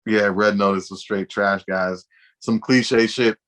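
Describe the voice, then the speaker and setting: Casting: lower-voiced male co-host, slangy and profane. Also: fairly even intonation, unhurried, fairly bright tone. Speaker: podcast co-host. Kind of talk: casual chat.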